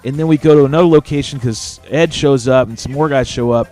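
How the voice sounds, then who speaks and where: A man's voice: mid-range voice, quick pace, darkish tone, soft background music. A man hosting a casual live show, telling stories animatedly and swearing freely. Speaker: show host.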